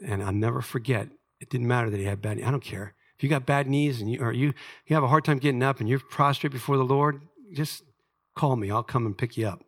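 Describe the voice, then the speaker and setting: Bright-voiced middle-aged male pastor preaching. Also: mid-range voice, steady tone, fast talker, husky. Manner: earnest conversational preaching, reading scripture aloud. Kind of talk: sermon.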